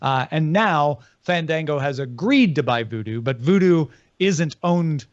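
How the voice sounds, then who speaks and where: A man co-hosting a podcast, running through streaming news items and correcting details in a brisk, precise way. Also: on the high side, expressive, dry recording, dull audio. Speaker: podcast co-host. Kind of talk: casual chat, reading news items.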